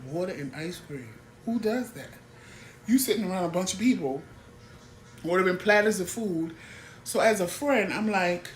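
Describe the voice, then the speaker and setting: A talk show host holds forth bluntly and casually, exasperated by people who take advantage. His voice is middle-pitched at a moderate pace, in an echoey room with a faint hum underneath.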